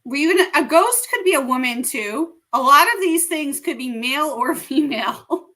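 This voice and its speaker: Bright, lively woman co-host pushing back. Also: sits high. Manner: teasing, objecting, quick to push back. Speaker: podcast co-host. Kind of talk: casual live-stream banter.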